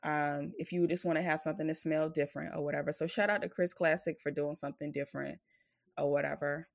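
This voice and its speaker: A woman co-hosts a podcast with a low, steady voice, talking quickly with some creak, recorded dry and clean in a studio. Her casual chat rambles loosely, packed with filler like "like" and "or whatever," and when she rants she gets blunt and profane.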